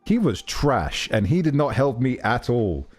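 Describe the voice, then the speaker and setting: A man's voice: mid-range voice, big pitch swings, measured pace, faint music behind. A man streaming casually, telling a rambling story full of fillers and self-corrections. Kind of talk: casual livestream chat.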